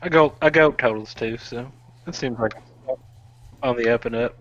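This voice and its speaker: A male tabletop player who hesitates and restarts his sentences, at an ordinary pitch. His audio is slightly dull and lo-fi. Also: normal speed. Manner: hesitant, many fillers and restarts. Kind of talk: tabletop game chat.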